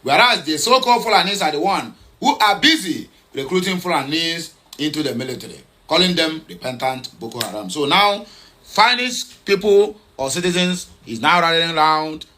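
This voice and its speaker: An online news commentator reacts to social media posts in a slightly high, expressive voice with a sharp tone at normal speed. He's hesitant, full of fillers and self-corrections, and keeps repeating his points with urgency.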